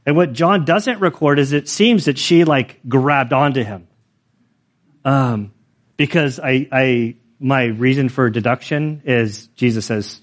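A man preaching a sermon, telling stories in an animated, chatty way with many filler words. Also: medium pitch, measured pace. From United States. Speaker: pastor. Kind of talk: sermon with storytelling.

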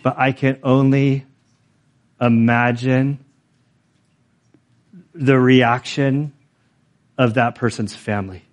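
A man preaching a sermon, telling stories in an animated, chatty way with many filler words. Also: medium pitch, slow, pauses often. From United States. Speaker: pastor. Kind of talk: sermon with storytelling.

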